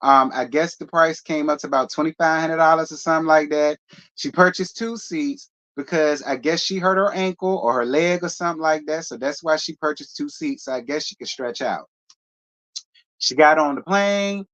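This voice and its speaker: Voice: mid-range voice, moderate pace, fairly bright tone. Give me a chatty gossip channel host recapping a story on a muffled, lo-fi recording. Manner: casual, chatty, hedging. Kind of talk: casual gossip commentary.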